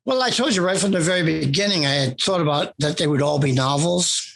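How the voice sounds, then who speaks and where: A man's voice: a little high, fast, vocal fry, fairly bright tone, a little hiss or hum. An older man, a comic writer, telling a long story in an interview and acting out both sides of an old phone call.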